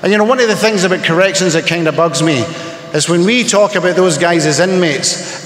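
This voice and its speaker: A man's voice: high-pitched, a little fast, a bit bright, a little hiss or hum. A Scottish man sharing his recovery story at a convention meeting, humorous and rambling as he tells stories. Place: large hall at a convention. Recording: echoey hall recording.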